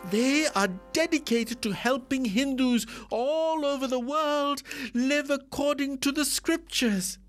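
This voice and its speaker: A man voicing a shrill, excitable middle-aged Hindu housewife who shrieks in frantic outrage. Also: slow pace, hardly any pauses, soft background music, exaggerated voice. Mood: outraged.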